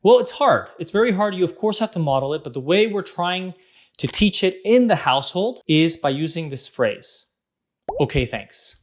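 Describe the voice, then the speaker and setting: A man's voice: high-pitched, lively intonation, moderate pace. A man in his thirties hosting a parenting talk, speaking casually and animatedly, acting out quotes as he explains. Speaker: parenting vlog host. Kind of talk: casual advice monologue.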